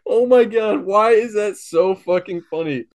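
A man's voice: sits high, unhurried, darkish tone. A man co-hosting a casual comedy podcast, rambling and swearing, often breaking into helpless giggling fits. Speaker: podcast co-host.

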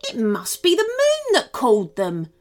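Booming storybook pirate man, boisterous, high-pitched and animated, read by a woman. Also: moderate pace. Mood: gruff. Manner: booming, laughing. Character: bearded eye-patched male pirate, boisterous.

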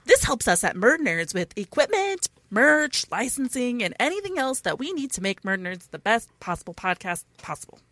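Bright, lively woman podcast co-host. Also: fairly high pitch, normal speed, hardly any pauses, no room sound. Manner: giggly, joking, slipping into silly accents. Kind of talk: casual podcast banter and sponsor reads.

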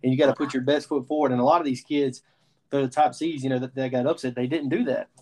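A young adult man from the Southern United States co-hosting a podcast, telling a lively story in casual sports talk and acting out his own reactions. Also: mid-range voice, fast talker. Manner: animated storyteller, quotes himself. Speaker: podcast co-host.

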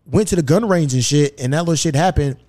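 A man's voice: a little high, quick pace. A man hosting a podcast, telling a story in casual, profane chat and acting out the dialogue. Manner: profane, animated, acts out quoted dialogue. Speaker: podcast host. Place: podcast studio.

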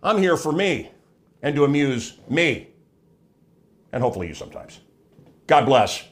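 A man's voice: mid-range voice, sing-song, moderate pace. Brash, sarcastic older man on a vlog. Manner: brash, sarcastic, rambling with self-interruptions; mocking voices of others. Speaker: vlog host, former radio host. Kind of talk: casual monologue to camera.

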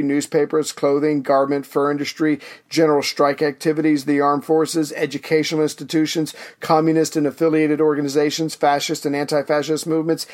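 A man co-hosting a history podcast, asking questions and adding comments in a relaxed conversational way. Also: on the high side. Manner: conversational, prompting questions and frequent backchannels. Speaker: podcast co-host. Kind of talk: casual history podcast chat.

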